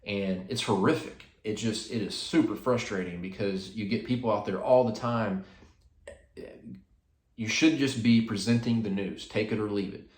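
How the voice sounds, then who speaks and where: A man's voice: on the low side, moderate pace, reverberant. A man hosting a casual devotional talk, speaking in a rambling way with many fillers and restarts. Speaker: host.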